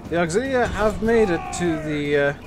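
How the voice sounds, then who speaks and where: A man streaming a strategy game live, barking orders and swearing at his units. His voice sits fairly high, with game music playing under him. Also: expressive, moderate pace. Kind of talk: live gameplay commentary.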